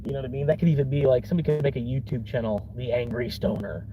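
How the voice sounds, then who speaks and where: A man's voice: medium pitch, rapid-fire, lo-fi sound. A man from Florida, a vlogger rambling casually from his car, laid-back, chuckling often and swearing easily. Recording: car interior with vehicle noise.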